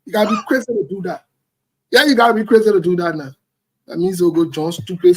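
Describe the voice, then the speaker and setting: A man's voice: high-pitched, a little mellow, slight background noise. A man giving heated, blunt political commentary, repeating his points emphatically.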